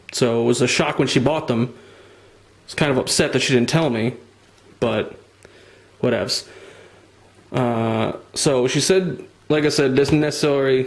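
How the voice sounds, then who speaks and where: A man's voice: medium pitch, low-quality recording. A young man rambling casually at home in a vlog, swearing freely and mocking himself. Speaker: vlogger.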